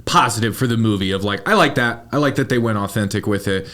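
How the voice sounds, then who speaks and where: A man's voice: on the low side, quick pace. A man co-hosting a casual movie podcast, riffing and acting out lines from films. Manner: animated, riffs and acts out movie lines. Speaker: podcast co-host. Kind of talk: casual movie-review chat.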